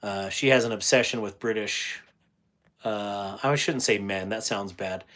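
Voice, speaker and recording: A man's voice: lowish voice, a little slow, fairly bright tone. A middle-aged man chatting casually on a livestream, reading viewer comments aloud and laughing often. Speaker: livestream host.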